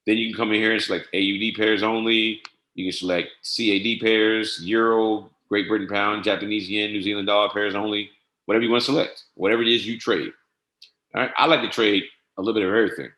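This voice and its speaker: Man, casual software tutorial, lowish voice, spells things out step by step, echoey room. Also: fairly even intonation. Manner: casual, repeats "all right" and spells codes out slowly. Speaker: trading software instructor. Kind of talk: screen-share software tutorial.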